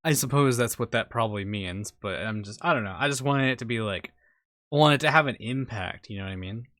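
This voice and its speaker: A man's voice: medium pitch, fairly bright tone, no echo, clean studio sound. Casual streamer man reading game text. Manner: casual, halting asides with stammered restarts. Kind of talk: reading a visual novel aloud with live commentary.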